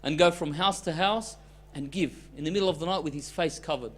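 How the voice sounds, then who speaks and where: A man preaching a sermon as a story, with loudness that swings between emphatic lines and soft, hushed ones. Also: on the high side, brisk.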